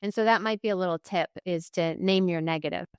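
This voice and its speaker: A woman in her forties, a running coach, talking casually as an interview guest, lively and laughing often. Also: on the low side, fast talker, clear, resonant tone, no room sound, studio quality. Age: 40s. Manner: lively, laughs often, acts out quoted voices.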